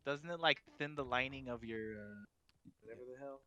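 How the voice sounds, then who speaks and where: A man's voice: mid-range voice, a little fast, pushed and bright. A man co-hosting a podcast, cracking self-deprecating jokes in casual chat. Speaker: podcast co-host.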